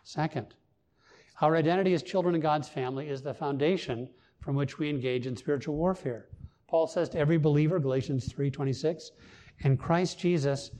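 A man's voice: on the high side, a little fast, dark tone. A male pastor giving a sermon in an earnest, emphatic way, lifting his voice on key points. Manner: earnest, emphatic preaching with rising stresses.

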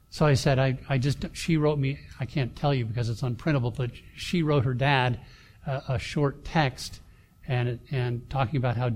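A middle-aged man, a pastor, telling a personal story in a sermon, halting with many fillers and restarts. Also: mid-range voice, a little mellow.

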